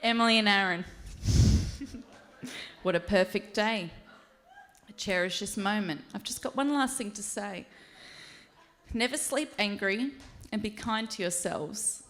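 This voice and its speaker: A woman's voice: mid-range voice, a little slow, fairly bright tone. A woman giving a maid of honor speech at a wedding reception, reading a prepared toast and laughing and tearing up along the way.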